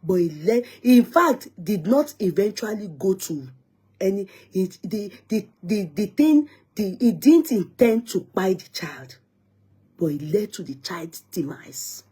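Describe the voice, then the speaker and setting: Husky Nigerian woman telling stories. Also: medium pitch, very animated, measured pace, dark tone. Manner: laughing, switches between English and Yoruba. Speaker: vlogger. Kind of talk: casual storytelling.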